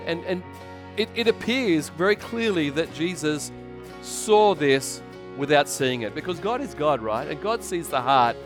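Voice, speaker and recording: A man with an Australian accent, a pastor preaching a sermon in a conversational, energetic way with many restarts. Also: on the high side.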